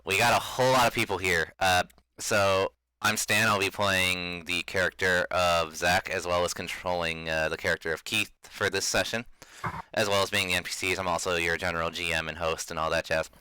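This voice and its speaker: A man's voice: deep voice, fairly even intonation, brisk, bright, forceful tone, clean tone, dry recording, poor audio. A man hosting and running a casual tabletop game, laid-back, with lots of fillers and laughs. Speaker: game master and host.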